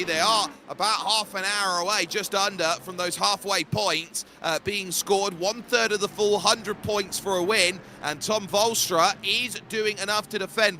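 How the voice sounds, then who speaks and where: Bright, high-voiced racing commentator man. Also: slight background noise. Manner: energetic, rapid-fire calling of the action. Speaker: lead race commentator. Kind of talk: play-by-play commentary.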